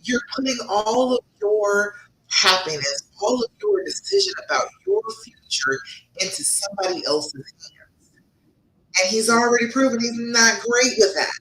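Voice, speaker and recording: A woman's voice: fairly high pitch, sing-song, measured pace, fairly bright tone, echoey room, a little hiss or hum, rough recording. A woman relationship coach hosting a live-stream advice session, speaking emphatically, laughing often and calling her viewers by name.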